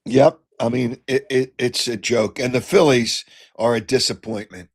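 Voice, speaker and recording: An older man hosting a call-in sports radio show, blunt and opinionated, clearing his throat as he gets over a cold. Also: medium pitch, fairly even intonation, moderate pace. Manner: blunt, opinionated, flares into shouting. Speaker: sports talk radio host.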